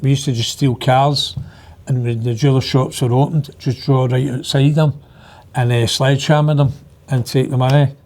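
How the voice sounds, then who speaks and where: A man's voice: mid-range voice, flat delivery, moderate pace, darkish tone. A man giving an interview, telling his past plainly, with hesitations and fillers. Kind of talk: personal storytelling interview.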